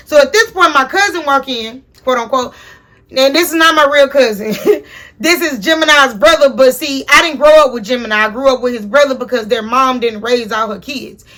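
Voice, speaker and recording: Young woman, high voice, bright tone, casual storytime, swears a lot, talks straight to viewers. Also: a little fast. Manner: profane, animated, speaks to viewers directly. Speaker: storyteller host.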